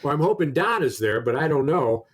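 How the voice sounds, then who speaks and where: A man's voice: on the high side, very animated, a little fast. A man co-hosting a podcast, telling a long anecdote in casual chat with many restarts. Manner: rambling anecdote with many restarts, acts out quoted exchanges. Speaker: podcast co-host.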